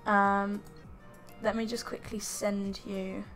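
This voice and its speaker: A woman's voice: medium pitch, little pitch movement, slow, fairly bright tone, faint music behind. A woman chatting casually on a game live stream, bubbly and giggly, talking into a headset at home. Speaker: streamer host. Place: home setup, headset mic.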